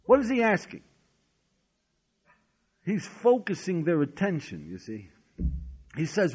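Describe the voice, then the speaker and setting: A man's voice: sits high, huge pitch swings, measured pace, pauses often, darkish tone, slightly rough. A man teaching a Talmud lesson as a sermon, telling stories dramatically and asking rhetorical questions. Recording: dull lo-fi recording.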